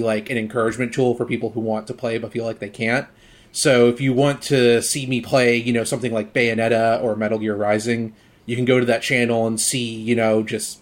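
A man explaining his video work as a podcast guest, fluent and measured. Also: medium pitch. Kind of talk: casual podcast chat.

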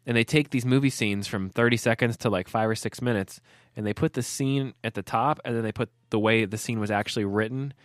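A man's voice: medium pitch, a little fast, no room sound, studio quality. A man co-hosting a podcast, telling stories in a loose, rambling way. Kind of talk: casual podcast chat.

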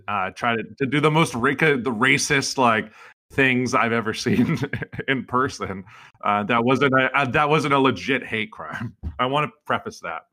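A young man talks loosely on a podcast, with a bright, forward tone. He gets animated and leaps up in pitch whenever he mimics someone. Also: normal speed. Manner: animated, jumps high in pitch when mimicking people. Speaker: podcast co-host. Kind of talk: casual chat.

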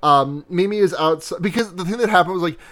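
A man's voice: high voice, fairly quick, a bit bright. Rambling, laughing man recapping a movie. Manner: rambling, laughing, acts out quotes. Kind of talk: casual movie recap chat.

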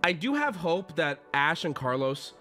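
Ranting, wildly expressive male streamer. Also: on the high side, measured pace, faint music behind. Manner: loud, exasperated ranting, mocking whiny voices.

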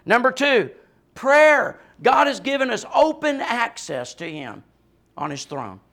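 A man's voice: very high-pitched, sing-song, unhurried, fairly bright tone. A male pastor preaching a sermon with passion and emphasis, often adding a questioning "right?" and laughing lightly between points.

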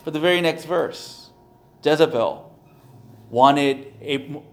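A man, a pastor, preaching a conversational sermon, animated and repeating phrases for emphasis. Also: on the high side, slow pace.

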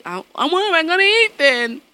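A woman's voice: extremely high pitch, very animated, brisk, bright, forceful tone. A woman in casual chat, telling blunt, profane stories about her son and laughing often as she acts out quotes. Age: adult, parent of a young son.

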